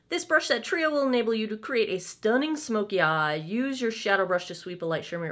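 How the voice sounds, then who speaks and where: A woman's voice: medium pitch, animated, brisk, hardly any pauses, a bit bright. Chatty woman beauty vlogger. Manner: chatty, candid, playful asides. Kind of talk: casual makeup try-on chat.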